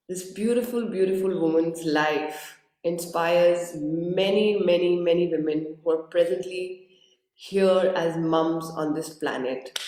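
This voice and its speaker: A woman's voice: on the low side, a little mellow. Groggy woman hosting in an echoey room. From India. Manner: earnest, effusive, repeats words. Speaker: host. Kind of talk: live-streamed interview introduction.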